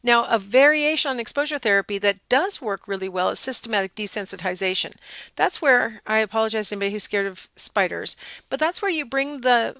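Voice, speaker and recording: A middle-aged woman giving a casual psychology lecture, telling a personal story with lively, animated quoting. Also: a little high, brisk, dry recording.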